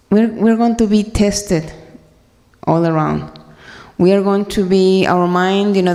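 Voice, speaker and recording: A woman giving an earnest, halting personal talk to a congregation, with many fillers and restarts. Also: on the low side, a little mellow, long reverb tail. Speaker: speaker sharing at a devotional gathering.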